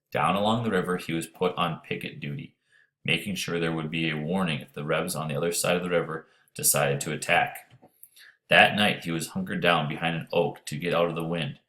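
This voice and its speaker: A man with a very deep, low voice reads an audiobook chapter aloud. His delivery is steady and measured, and he tells the story plainly. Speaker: audiobook narrator. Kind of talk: audiobook narration.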